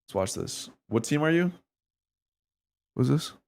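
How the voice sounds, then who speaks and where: A man's voice: on the high side, lively intonation, a little slow, creaky, darkish tone. A man streaming a game, chatting casually to his viewers while reviewing a match replay, slangy and swearing as he thinks aloud. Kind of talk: casual live-stream commentary and demo review.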